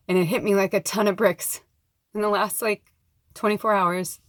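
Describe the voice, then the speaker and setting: A woman's voice: mid-range voice, fairly even intonation, a little slow, long pauses, no room sound, studio quality. A woman talking to her viewers in a rambling, heartfelt personal vlog, moving between laughter and near tears. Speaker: spiritual vlogger.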